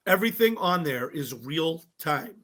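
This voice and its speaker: A young man with a bright, somewhat high voice tells stories in casual chat. He is animated and keeps slipping into quick impressions of the people he talks about. He laughs easily between lines. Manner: animated, acts out quotes of others, laughs often. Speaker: podcast guest, cooking show contestant.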